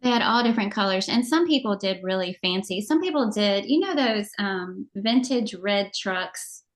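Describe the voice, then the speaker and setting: A middle-aged woman co-hosting a casual chat show, telling animated stories and laughing often. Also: medium pitch, moderate pace. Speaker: podcast co-host.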